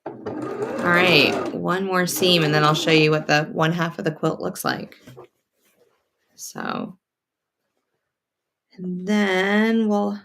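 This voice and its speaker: Her lowish, fairly bright voice swings widely in pitch, creaky and slow with long pauses, as this North Carolina woman hosts a relaxed quilting livestream from her home sewing room. She chats and reads viewer comments aloud while sewing, with a sewing machine faintly audible.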